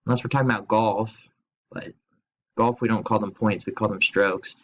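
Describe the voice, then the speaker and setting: A man's voice: fairly low pitch, steady tone, low-quality recording. Playful man teaching a grammar lesson. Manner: playful, asks quiz questions and jokes; slow, spelled-out explanations. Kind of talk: recorded remote grammar lesson.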